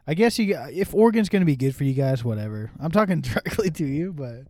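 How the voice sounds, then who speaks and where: A man's voice: on the high side, expressive, fast, a little mellow. A young man co-hosting a casual podcast, teasing and crude, laughing often. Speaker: podcast co-host. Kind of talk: casual chat.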